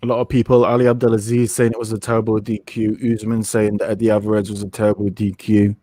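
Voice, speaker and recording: A man co-hosting a live fight watch-along, chatting casually and jumping up in pitch when he reacts. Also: monotone, quick pace, mellow, no room sound. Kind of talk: casual live commentary chat.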